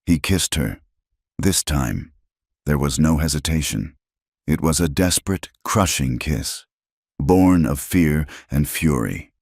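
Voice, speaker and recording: A man with an extremely deep voice narrates a scripted story in a steady, measured way. The recording is close and very dry, with no room sound around him. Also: creaky, no echo.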